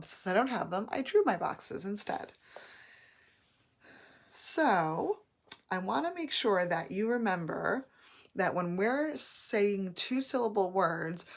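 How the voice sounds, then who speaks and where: A woman teacher giving a patient phonics lesson, modeling each word slowly and clearly. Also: medium pitch. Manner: slow, patient, drawn-out modeling of words.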